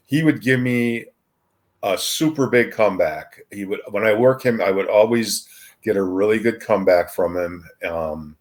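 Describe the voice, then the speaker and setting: A man in his sixties, a retired wrestler appearing as a podcast guest, telling casual anecdotes in a rambling way with frequent ums and restarts. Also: fairly low pitch.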